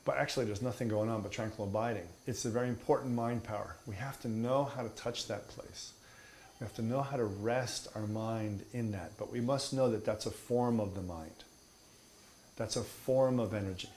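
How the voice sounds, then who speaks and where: A man's voice: fairly low pitch, normal speed, darkish tone, a little hiss or hum. A man teaching meditation in an emphatic, playful way, mixing in humor and mockery. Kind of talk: spoken teaching.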